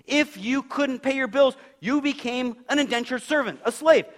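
A man's voice: very high-pitched, moderate pace, fairly bright tone. A man preaching a sermon in a church, talking with the congregation and asking them questions. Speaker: pastor.

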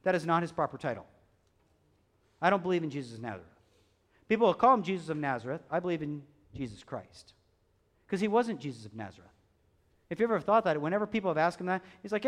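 A man preaching a sermon as pastor, acting out quoted voices and swinging between hushed, quiet stretches and loud bursts. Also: a little high, expressive, fast.

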